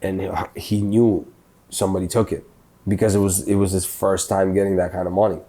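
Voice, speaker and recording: A man co-hosting a podcast, telling crude, animated stories in casual comedic chat and swearing freely. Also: sits low, a little fast. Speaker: podcast co-host.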